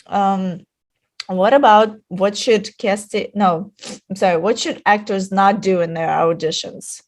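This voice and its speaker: A woman's voice: medium pitch, steady tone, unhurried. A woman hosting a casual interview, asking questions hesitantly with many fillers. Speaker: interview host.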